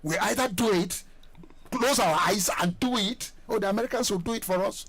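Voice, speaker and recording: A Nigerian man arguing forcefully on a radio talk panel, firing repeated rhetorical questions. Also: high voice, fairly quick. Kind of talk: heated studio discussion.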